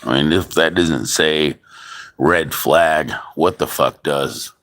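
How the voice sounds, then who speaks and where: A man's voice: extremely low pitch, slow pace, a bit bright. A man who is a father, ranting angrily in a heavily profane monologue, often restarting his sentences. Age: adult father. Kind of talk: angry venting monologue.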